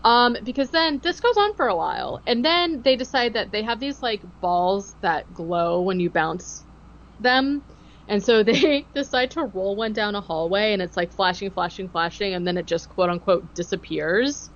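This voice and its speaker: A woman's voice: medium pitch, lively intonation, normal speed. A woman hosts a casual podcast, recapping a ghost-hunting show with dry sarcasm. She slips into mocking impressions now and then. The audio is a touch dull and lo-fi. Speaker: podcast host.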